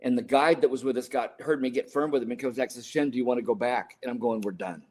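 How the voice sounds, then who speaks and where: A man's voice: medium pitch, steady tone, fast talker, darkish tone. An older man telling a personal story in a podcast interview, earnest and emotional, now and then correcting himself. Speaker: guest, sports scientist and author.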